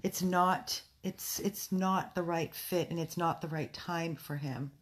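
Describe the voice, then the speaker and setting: A woman's voice: lowish voice, a little slow. A woman running a dog rescue, giving an earnest, upset live update indoors at home, answering viewers as she pleads for help. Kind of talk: live video update, reading viewer comments.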